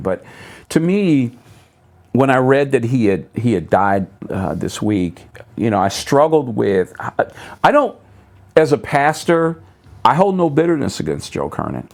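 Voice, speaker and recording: Middle-aged pastor telling a story, lowish voice. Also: male voice, creaky. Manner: animated storyteller, voices other people's remarks with sharp jumps up in pitch. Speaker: pastor, talk show guest. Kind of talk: storytelling in a talk show conversation. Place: local public access TV studio.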